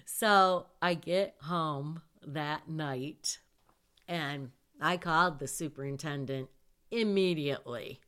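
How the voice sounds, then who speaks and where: A woman's voice: low-pitched, slow, fairly bright tone, clean tone. A woman telling a personal story about her daughter in casual speech, emphatic, with vivid asides.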